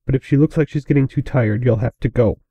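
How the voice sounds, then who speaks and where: A man's voice: mid-range voice, fast, warm tone, slightly rough, dry recording, lightly acted. A man doing Discord, bitter chaos spirit. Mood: terse. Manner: curt, spiteful.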